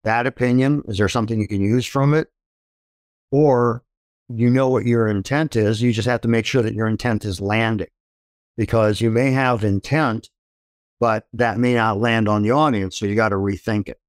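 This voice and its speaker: A man's voice: on the low side, fairly even intonation, moderate pace, no echo, studio quality. A man in a casual conversation, thoughtfully explaining advice about listening to yourself and taking feedback. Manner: reflective, advising.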